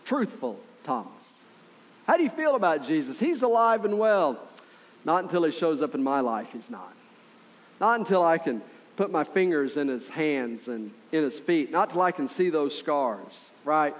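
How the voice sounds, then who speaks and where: A middle-aged male pastor preaching a sermon in a conversational, earnest way, often checking in with listeners with quick asides. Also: a little high, sing-song.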